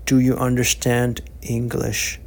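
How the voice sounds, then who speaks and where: A man voicing a kindly old man who speaks gently and slowly, reassuring and calm, in an audiobook reading. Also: medium pitch, slight background noise, natural voice. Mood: gentle, reassuring.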